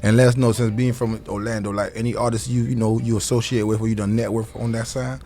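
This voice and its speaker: A man hosting a podcast, asking quick prompting questions and backing the guest with frequent "mm-hmm.". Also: mid-range voice, little pitch movement, dark tone, faint music behind. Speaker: podcast host. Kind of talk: casual interview questions.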